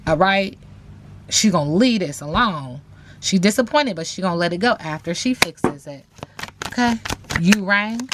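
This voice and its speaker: A woman's voice: on the low side, animated, moderate pace, noisy background. A woman giving a casual tarot reading, talking in a sassy, slang-heavy way with playful teasing asides to viewers. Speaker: tarot reader.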